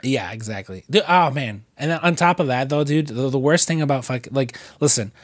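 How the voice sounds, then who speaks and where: A man's voice: mid-range voice, brisk, no echo. Sick guy on a podcast, rambly, lots of um and cussing, dry close sound. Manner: rambling, many restarts and fillers, profane. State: sick with a cold. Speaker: podcast co-host. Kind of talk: casual chat.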